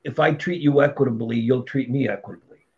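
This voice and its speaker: A middle-aged man with a mid-range voice talks briskly as a podcast guest, telling casual, animated stories about his career that are blunt and full of profanity. The recording has a dull, lo-fi quality.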